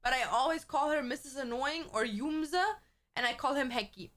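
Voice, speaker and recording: High-voiced chatty woman streamer. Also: normal speed, a bit bright. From Germany. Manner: chatty, rambling, swears freely. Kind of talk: casual chat with viewers.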